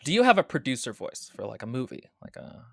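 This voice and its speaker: A man's voice: medium pitch, wildly swooping pitch, fast talker, vocal fry, fairly bright tone, no room sound, clean studio sound. A man co-hosting a book-review podcast, talking casually in a playful, ranting way and laughing often. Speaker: podcast co-host.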